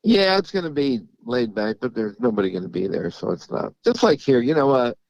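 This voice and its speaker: A middle-aged man with a gravelly, fry-tinged voice speaks in a casual interview. He halts and repeats words as he tells his stories, laughing now and then. The sound is dry and dull. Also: medium pitch, very animated, fairly quick, darkish tone, no room sound. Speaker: racehorse trainer. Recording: dull lo-fi audio.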